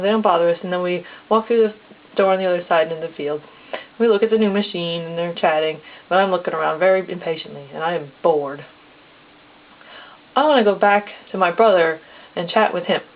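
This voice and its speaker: A woman telling a casual personal story step by step, acting out the dialogue in plain quotes. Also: fairly low pitch. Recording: tinny phone-like lo-fi recording.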